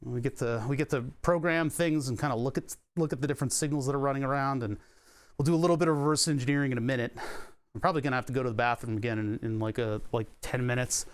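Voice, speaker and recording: A man's voice: mid-range voice, fairly even intonation, quick pace, clean tone. A man live-streaming as he assembles a racing wheel setup. He chats casually, jokes about himself and swears when he hurts his hand. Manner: joking, self-deprecating, swears when hurt. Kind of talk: casual live-stream chat while building hardware.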